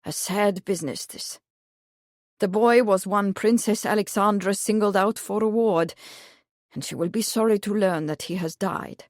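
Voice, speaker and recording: A woman voicing a portly, jovial royal gentleman who speaks with a German accent in a deep, guttural voice, in an audiobook. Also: normal speed, no echo, clean studio sound, natural voice. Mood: genial, stern.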